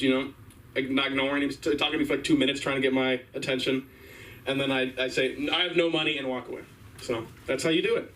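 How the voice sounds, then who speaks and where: A young man doing a rambling open-mic stand-up set, halting and full of fillers. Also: medium pitch, a bit bright. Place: small comedy stage. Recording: distant mic, faint room noise.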